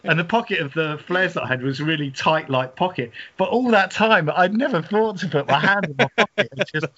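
A man's voice: a little high, fairly quick, pushed and bright. A middle-aged man from England, co-hosting a podcast, telling a long story in a rambling way, laughing and restarting often. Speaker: podcast co-host. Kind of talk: casual storytelling chat. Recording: dull lo-fi audio.

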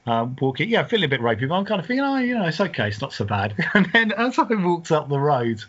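A man co-hosting a comedy podcast, telling an odd story in an animated way and often laughing as he talks. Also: on the high side. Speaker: podcast co-host. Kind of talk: comic storytelling. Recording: dull lo-fi sound.

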